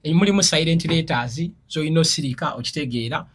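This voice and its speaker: In a casual interview, a male guest from Uganda speaks quickly in a husky, higher-than-average voice. He tells stories with animation, explains words the way a teacher would, and laughs while doing it.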